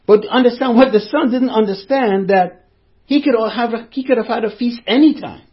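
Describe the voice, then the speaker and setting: A man preaches a sermon in a high, conversational voice, often repeating himself and addressing his listeners directly. The recording sounds dull and lo-fi. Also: moderate pace.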